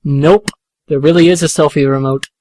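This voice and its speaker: A man's voice: on the high side, steady tone, moderate pace, a little mellow, no room sound. A young man joking loosely and swearing in a casual podcast chat. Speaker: podcast co-host.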